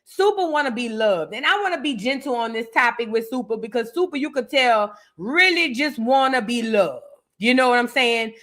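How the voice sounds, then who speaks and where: Woman, casual commentary host, bright voice, slightly high pitch, playful, dramatic. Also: normal speed. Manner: animated, playful, dramatic, breaks into singing. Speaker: host of a reaction show.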